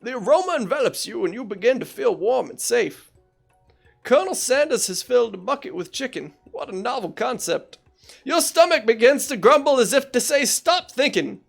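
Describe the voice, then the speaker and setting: A young woman streamer reading a dating game aloud in a playful, animated way, with casual asides. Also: on the high side, normal speed, creaky, faint music behind.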